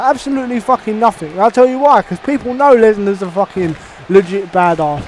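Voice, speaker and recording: High-voiced man ranting angrily. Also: a little fast, soft background music. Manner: profane, heated, fired up, bursts into shouts. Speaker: wrestling video reviewer. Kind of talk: angry ranting review.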